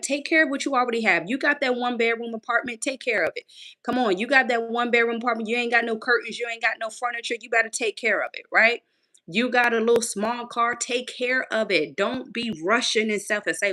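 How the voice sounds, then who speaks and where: A young woman coach giving a casual inspirational faith talk in a lively, conversational, preachy way. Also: a little high.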